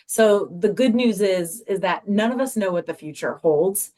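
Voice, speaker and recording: A woman's voice: mid-range voice, lively intonation, moderate pace, hardly any pauses, a little mellow. A middle-aged woman speaking earnestly as a podcast guest, repeating herself as she searches for words. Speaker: guest, mother. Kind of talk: heartfelt podcast interview.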